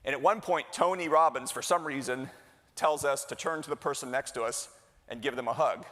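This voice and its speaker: A man's voice: mid-range voice, a little fast, fairly bright tone. Jokey man welcoming a big hall. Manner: jokey, chatty, works the crowd with questions. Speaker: executive director giving opening remarks. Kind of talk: live conference welcome speech. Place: large hall with live audience. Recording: long hall reverb.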